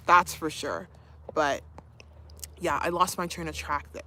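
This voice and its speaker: A woman's voice: sits low, takes it slowly, pushed and bright, a little hiss or hum. A young woman streaming live, chatting casually, reading viewer comments, laughing often and cooing to her dog. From Canada.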